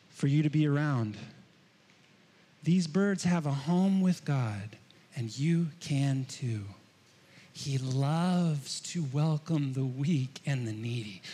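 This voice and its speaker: A man preaching a sermon to his congregation, animated, swinging between loud emphasis and hushed asides. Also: high-pitched. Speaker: pastor. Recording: long hall reverb.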